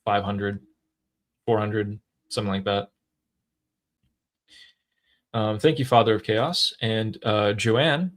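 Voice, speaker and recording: A man co-hosting a live stream, chatting casually and reading out viewer messages. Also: fairly low pitch. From Middle Eastern family, raised in a mostly white town. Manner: conversational, reads viewer messages aloud. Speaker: livestream co-host.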